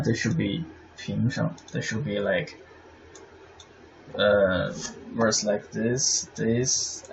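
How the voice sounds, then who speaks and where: A man teaching the meter of Chinese poetry, halting with many fillers and checking "right?" often. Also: mid-range voice, vocal fry. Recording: slightly dull sound with faint noise.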